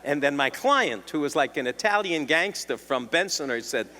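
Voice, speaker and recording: An older man with a New York accent, a defense attorney telling wry anecdotes to a symposium audience, clearing his throat now and then. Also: fairly high pitch, animated, normal speed, sharp tone. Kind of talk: storytelling talk. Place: lecture hall. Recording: long hall reverb.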